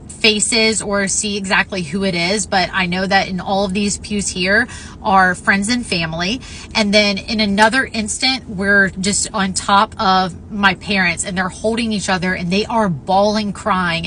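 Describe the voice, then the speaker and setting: Young woman vlogger, bright forceful tone, earnest heartfelt storytelling, faint hiss behind. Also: medium pitch, rough recording. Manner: earnest, heartfelt retelling with fillers. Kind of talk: personal storytelling.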